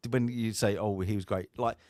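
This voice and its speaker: A man's voice: fairly low pitch, moderate pace, no echo, studio quality. A man co-hosting a podcast, telling family stories in casual chat and acting out the voices. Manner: animated storyteller, acts out voices. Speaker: podcast co-host.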